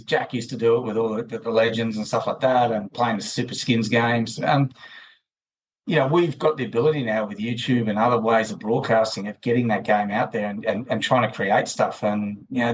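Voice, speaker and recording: A mid-range, somewhat breathy male voice with an Australian accent speaks at normal speed and fairly even intonation over poor audio. He's a podcast guest in a casual interview, rambling at length with many fillers and restarts.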